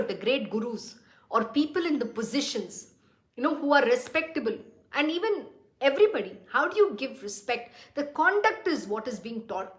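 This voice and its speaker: A woman giving a spiritual lesson, reading verses slowly and then explaining them with earnest questions to her listeners. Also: on the high side. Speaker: spiritual teacher. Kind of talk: scripture commentary talk. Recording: roomy echo.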